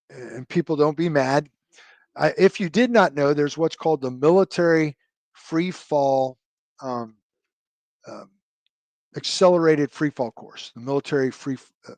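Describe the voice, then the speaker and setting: A man's voice: a little high, measured pace, pauses often, a little mellow, no echo. A middle-aged man and retired army officer telling stories in an interview, rambling and full of fillers and tag questions. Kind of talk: conversational storytelling interview.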